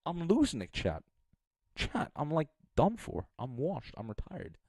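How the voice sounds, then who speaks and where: A man's voice: a little high, huge pitch swings, a little slow, darkish tone, husky, no echo. A young man streaming live, thinking aloud in a rambling, casual way and poking fun at himself.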